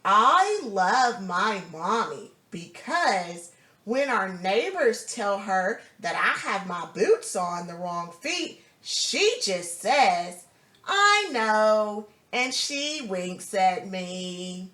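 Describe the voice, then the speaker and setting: A woman reading a picture book aloud to a young child, slow and sing-song, stopping to ask questions and praise the answers. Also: medium pitch, very animated, bright, forceful tone, reverberant. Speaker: storybook reader.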